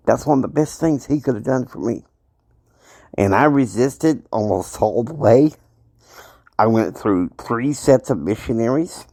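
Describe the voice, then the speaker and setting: His mid-range voice is gravelly and dark, expressive, and paced in a measured way over a dry recording. As host of a self-help show, he speaks casually and motivationally, rambling and repeatedly checking in with an "okay?".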